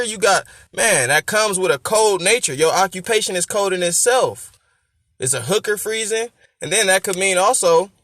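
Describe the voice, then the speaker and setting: A man hosting a rap breakdown, talking casually, laughing loudly and explaining lyrics like a teacher. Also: high-pitched, no echo. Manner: repeats lines to stress syllables. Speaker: rap reaction host.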